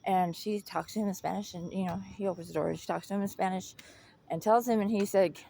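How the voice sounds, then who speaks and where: A woman's voice: mid-range voice, steady tone, fast, vocal fry, mellow. A young woman telling a personal story in casual chat, blunt and full of swearing, laughing often.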